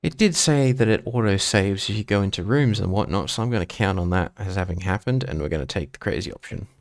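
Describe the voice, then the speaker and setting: A man's voice: fairly low pitch, animated, fast, no echo. A man streaming a video game and chatting casually with playful, joking asides. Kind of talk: casual gameplay commentary.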